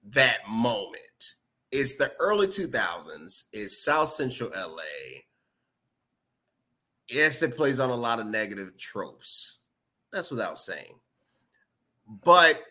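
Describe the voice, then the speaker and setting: A man hosting a casual podcast chat, animated and laughing often, acting out movie lines. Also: mid-range voice. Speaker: podcast host.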